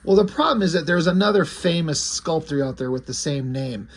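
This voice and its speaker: A man recaps a book's plot in a loose, rambling, conversational way. His voice sits a little high and has a husky grain. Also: lively intonation, brisk. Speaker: book reviewer. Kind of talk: casual plot retelling.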